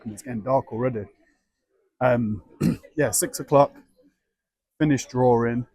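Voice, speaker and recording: A young man in casual chat as a travel vlogger and illustrator, rambling and musing aloud in a low murmur at an outdoor café and in city streets. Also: fairly even intonation, measured pace, a little mellow.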